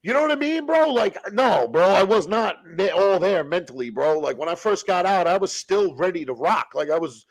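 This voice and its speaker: A man telling rough stories as a podcast guest, in blunt, profane street slang. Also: high-pitched, expressive, normal speed, hardly any pauses. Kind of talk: casual storytelling.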